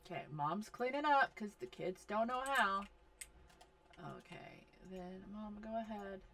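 A woman giving casual commentary over a life-simulation game, talking slowly and bossing her characters around in exasperation. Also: mid-range voice, fairly bright tone. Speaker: gaming video host.

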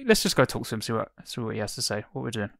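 A man's voice: mid-range voice, sing-song, rapid-fire, vocal fry, fairly bright tone, soft background music. A man giving casual let's play commentary, chatty and musing, with hesitant restarts.

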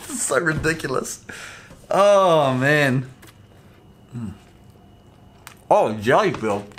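A chatty man films himself in a hotel room, talking straight to the camera and laughing often. His voice sits fairly high and swings widely up and down as he gets excited. A faint hiss stays in the background. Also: takes it slowly, long pauses. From New Zealand. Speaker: vlogger. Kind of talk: casual vlog to camera. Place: hotel room during quarantine.

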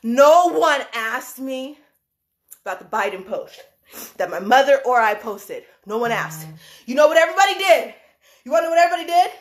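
A woman with a high voice rants on a live stream from a room indoors. She is animated and laughs often, and she swears while she repeats her points for emphasis. Her phone mic picks up a roomy echo. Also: normal speed. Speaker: livestream host, dance choreographer. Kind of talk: heated livestream rant. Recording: echoey room.

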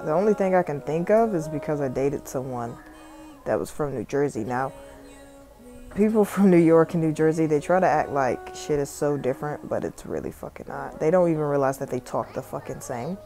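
With faint music in the background, a low-pitched, mellow, expressive woman talks briskly through a screen-recording tutorial on her phone. The speaker is a young Southern woman from South Carolina, a tutorial vlogger and music artist, whose narration is casual, profane, and rambling, recorded on a phone microphone.

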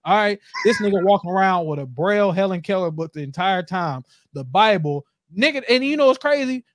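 Podcast host, male, animated profane rants, slightly high voice, dry room. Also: brisk, dry recording. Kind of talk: casual podcast chat.

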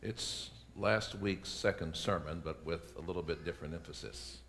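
A man, a pastor, delivering a sermon and building to loud, emphatic preaching. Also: low voice, moderate pace.

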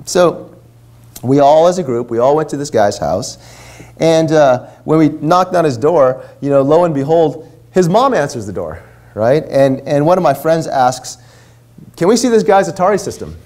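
A man's voice: a little high, lively intonation, unhurried, a little mellow. A man in his forties, a minister, telling a story in a sermon in a casual, chatty way full of asides. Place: church.

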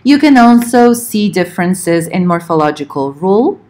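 A woman lecturing on linguistics, explaining points in a measured way and slowing down to spell out examples. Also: on the low side, sing-song, darkish tone. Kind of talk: recorded lecture.

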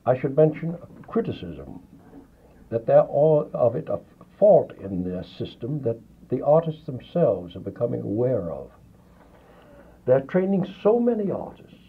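A man in a radio studio tells his anecdotes with a lot of swing in his pitch. He plays each person in his stories himself. The recording is a narrow, husky 1950s radio archive. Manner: lively anecdotal storyteller, acts out quoted dialogue. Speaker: guest artist. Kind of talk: radio interview, storytelling.

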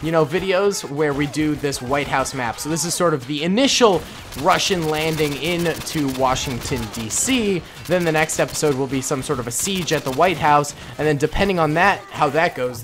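A young man from the Boston area giving relaxed, chatty, self-mocking gameplay commentary as the host of a gaming channel. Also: fairly high pitch, moderate pace, over music. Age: young adult.

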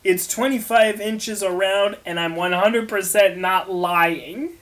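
A woman's voice: mid-range voice, slow, lightly acted. A woman voicing a boastful, crude young man, drawing out his words. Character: bragging crude young male fighter.

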